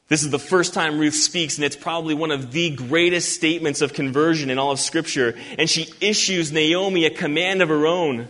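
Guy preaching a bible sermon, kinda high voice, earnest and punchy, lots of echo. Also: fairly even intonation, fairly bright tone. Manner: earnest, emphatic, reads scripture slowly. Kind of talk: expository sermon. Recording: long hall reverb.

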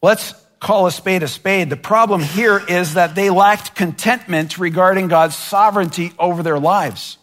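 A man preaching a sermon in an earnest, deliberate way, sometimes voicing imagined complaints with rising intensity. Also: on the high side, a bit bright, long reverb tail. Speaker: pastor.

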